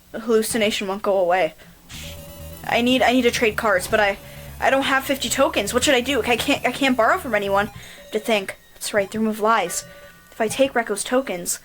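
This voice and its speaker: A woman's voice: medium pitch, a bit bright, close to an everyday voice, low-quality recording. A woman voicing an anxious, desperate young woman, reading her inner thoughts in a tense, pleading way.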